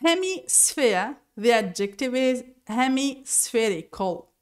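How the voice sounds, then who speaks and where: A woman teacher explaining English vocabulary and pronunciation slowly and deliberately, sometimes correcting herself. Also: on the high side, lively intonation, clean tone. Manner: slow and deliberate, spelling out each word with self-corrections. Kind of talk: recorded lesson explanation.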